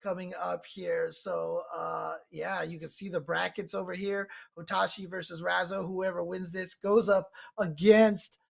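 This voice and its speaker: A man's voice: high-pitched, flat delivery, measured pace, creaky, hardly any pauses. A man commentating a fighting-game tournament, breaking down plays and cracking jokes as he goes. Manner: joking, rambling analysis. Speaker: esports commentator.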